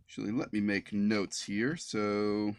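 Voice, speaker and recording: A man's voice: lowish voice, fairly even intonation, a little slow, clean tone, dry recording, clean studio sound. Laughing man running a tabletop game. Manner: laughing often, rambling restarts. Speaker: game master. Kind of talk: running a tabletop playtest on stream. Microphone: streaming mic.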